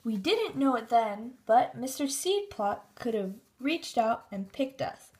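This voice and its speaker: A woman narrating a children's storybook in a steady, expressive reading. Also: on the high side, unhurried.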